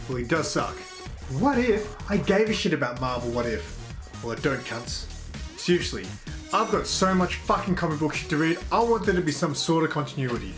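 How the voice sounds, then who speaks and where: A man's voice: a little high, sing-song, brisk, over music. An Australian man hosting a comedy show, ranting in a brash, profane, mock-aggressive way. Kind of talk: crude comedic rant.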